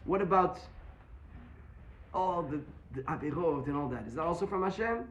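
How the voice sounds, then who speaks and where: A man teaching a Talmud class, explaining quickly and mixing Hebrew terms into his English. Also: a little high, animated, lo-fi sound.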